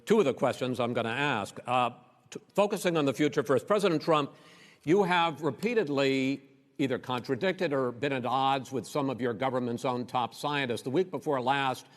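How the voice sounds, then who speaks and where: Firm male debate moderator. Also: mid-range voice. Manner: firm, measured, pressing questions. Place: large debate hall. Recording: long hall reverb.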